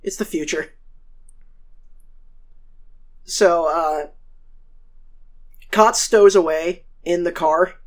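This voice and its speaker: A woman's voice: fairly low pitch, slow pace. Rambling, profane woman recapping episodes. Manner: profane, rambling, acts out quoted characters. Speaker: podcast co-host.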